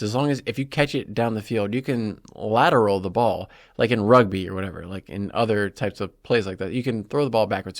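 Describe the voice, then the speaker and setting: A man's voice: fairly low pitch, no room sound, studio quality. A man hosting a solo sports podcast, talking in an opinionated, heated and sarcastic way with lots of "like" fillers. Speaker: podcast host.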